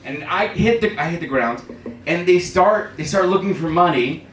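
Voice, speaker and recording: A young man doing a stand-up set, self-deprecating with dark jokes and loud shouted punchlines. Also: a little high, animated, moderate pace, recorded from a distance. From New York City. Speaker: stand-up comedian. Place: comedy club stage, live crowd. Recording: roomy live club audio with crowd laughter.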